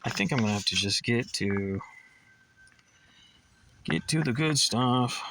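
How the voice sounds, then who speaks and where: A man's voice: medium pitch, measured pace, very noisy. A man casually reading through comics, chatting and rambling in asides and stumbling over words now and then. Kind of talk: casual comic read-along.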